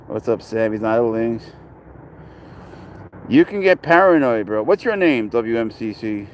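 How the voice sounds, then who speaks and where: A man's voice: mid-range voice, animated, a little slow, slight background noise. Chatty New man outdoors. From New York. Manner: rambling, chatty, talks to passers-by and chat. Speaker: pet owner vlogger. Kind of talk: casual chat. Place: outdoors at a city dog park.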